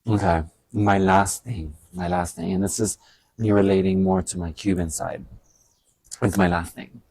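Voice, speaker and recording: A man talking in a casual stream-of-thought vlog, animated, swearing often and laughing at his own stories. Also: sits low, moderate pace, no echo. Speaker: vlogger.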